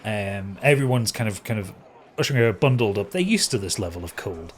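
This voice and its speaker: Man running a tabletop game, lowish voice, halting and rambling delivery, slight noise behind. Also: animated. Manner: rambling, hesitant, heavy fillers. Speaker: game master.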